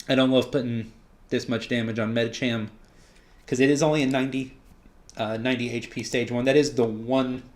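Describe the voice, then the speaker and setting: Male gameplay commentator, mid-range voice, relaxed and chatty, thinks out loud. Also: medium pitch. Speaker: card game player commenting on his own match.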